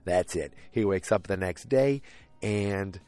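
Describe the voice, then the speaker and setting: Rambling low-voiced man recapping an episode. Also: slow, warm tone, dry recording. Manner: rambling, many fillers and restarts.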